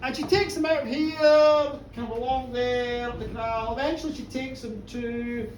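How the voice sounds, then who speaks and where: A woman storyteller at a live pub show, chatty and lively, often checking in with her listeners. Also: a little high, normal speed, a little hiss or hum. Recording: roomy pub from far off.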